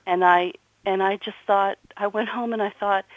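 A woman's voice: medium pitch, steady tone, moderate pace, no room sound. A middle-aged woman from New Jersey, a guest and author, telling her story earnestly and with emphasis in an interview. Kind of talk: conversational interview. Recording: dull, muffled audio.

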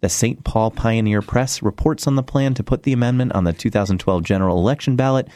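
A man's voice: medium pitch, quick pace, mellow, no echo. A man co-hosting a casual comedic chat, wry and sarcastic, laughing often as he talks. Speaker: co-host.

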